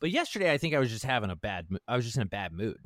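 A man's voice: fairly low pitch, lively intonation, racing, fairly bright tone, no echo, clean studio sound. A man in casual chat who rambles earnestly and reads a pep-talk manifesto with growing fervor. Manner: earnest, rambling, gets fired up when reading. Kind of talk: casual chat, reading a personal manifesto aloud.

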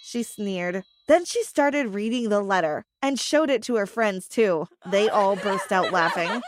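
A young adult woman narrating a first-person teen story in an even storytelling voice. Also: medium pitch, normal speed, few pauses, slight background noise.

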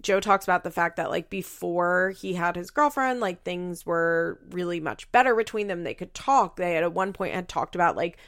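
Chatty woman with a gravelly fry. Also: fairly low pitch, expressive, normal speed, hardly any pauses, a bit bright, no echo, studio quality. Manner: chatty, laughing, heavy use of "like". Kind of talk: casual chat recapping a show.

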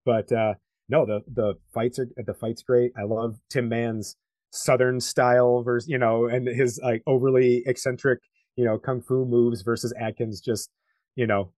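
A man's voice: medium pitch, level tone, unhurried, darkish tone, no echo. A man from Detroit, talking animatedly and rambling in a casual film podcast. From Detroit, USA. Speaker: podcast co-host.

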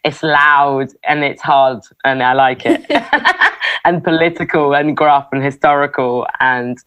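Low-voiced woman telling lively stories. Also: unhurried, no room sound, rough recording. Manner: animated storytelling, laughs often. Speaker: guest. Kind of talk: casual chat.

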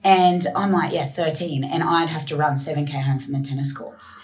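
A young woman with a low voice tells stories as an interview guest. She is laid-back and easygoing. She fills her pauses with frequent ums. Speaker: guest ultramarathon runner. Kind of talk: casual interview storytelling.

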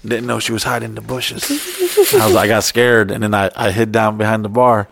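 A young man with a gravelly, creaky voice spins a rambling, profane anecdote on a podcast. He talks casually into a close mic in a dry room. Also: lowish voice, a little fast, no echo. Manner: profane, animated anecdote-telling. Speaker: podcast co-host. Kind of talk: casual storytelling chat.

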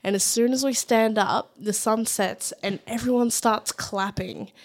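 A woman's voice: fairly high pitch, measured pace. A young Australian woman co-hosting a podcast, telling stories in a rambling way full of "like". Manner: rambling, lots of 'like', animated storytelling. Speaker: podcast co-host. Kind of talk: casual storytelling chat.

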